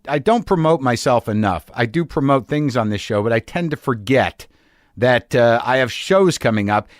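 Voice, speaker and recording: A middle-aged man runs his podcast's opening monologue, swearing freely and wandering off track, then pulling himself back. His voice sits a little high for a man. The mic is close and very dry, with no room sound. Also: dry recording. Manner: profane, rambling, self-interrupting. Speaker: podcast host.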